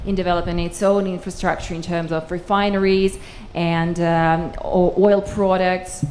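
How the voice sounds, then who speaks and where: A woman interpreting a speaker's answers into English at a press conference, steady with some hesitations. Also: fairly low pitch, moderate pace, slight background noise. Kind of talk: consecutive interpreting.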